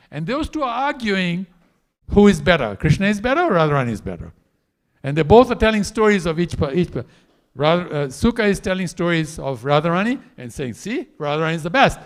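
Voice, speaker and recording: A man preaching a storytelling sermon in a temple hall, acting out the characters with animated delivery. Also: sits high.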